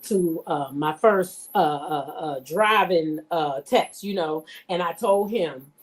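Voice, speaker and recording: A woman's voice: on the low side, slow pace. A woman vlogger telling stories and commenting in a blunt, profane, emphatic way while talking straight to her viewers. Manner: addresses viewers directly. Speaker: vlogger reacting to reality TV. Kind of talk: casual storytelling commentary.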